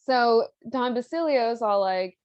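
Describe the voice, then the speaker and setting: A woman's voice: on the high side, lively intonation, unhurried, a little mellow, dry recording. Young female podcast host, casual and irreverent, dry lo-fi recording. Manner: chatty and irreverent, with slang and swearing. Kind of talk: casual storytelling recap. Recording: dry, slightly dull lo-fi sound.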